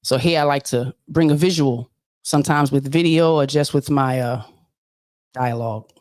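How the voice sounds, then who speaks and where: A woman's voice: extremely low pitch, normal speed, dry recording. A woman hosting a casual livestream, preachy and emphatic, who repeats her points. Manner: animated, preachy, emphatic repetition. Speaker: livestream host.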